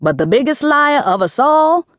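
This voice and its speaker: A woman's voice: high voice, very animated, normal speed, no room sound, clean studio sound, pitched above the performer's own voice. A woman voicing a tough, brash middle-aged aunt who barks bluntly and curses. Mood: scolding. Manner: barking, blunt, cursing.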